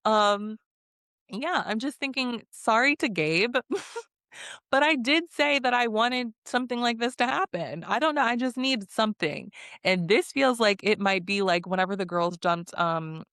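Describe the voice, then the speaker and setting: A woman's voice: mid-range voice, expressive, measured pace, a bit bright, clean tone, no echo, clean studio sound. A woman hosting a casual recap vlog of a reality show, talking bluntly and sarcastically, swearing and laughing often.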